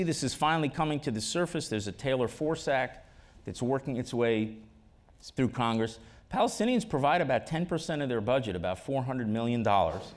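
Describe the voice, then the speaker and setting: A man speaking as a guest in an onstage conversation, making emphatic arguments with the odd wry joke. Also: medium pitch. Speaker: ambassador, interview guest. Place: auditorium stage.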